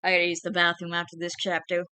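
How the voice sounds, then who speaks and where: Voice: mid-range voice, monotone, quick pace, pushed and bright, smooth, no room sound. A person reading fan fiction aloud to viewers, chatty and apologetic between chapters while feeling unwell. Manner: chatty, apologetic, candid asides.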